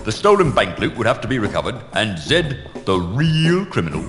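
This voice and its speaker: A smug, sardonic island constable, low and lazy, whose pitch swings widely as he mocks. His dry lines ring with a long reverb over game music. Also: big pitch swings, normal speed, noisy background. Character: lazy sarcastic male island constable, adult.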